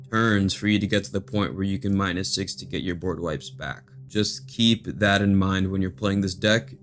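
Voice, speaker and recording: Monotone man explaining a card deck. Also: on the low side. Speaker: host of a card game channel.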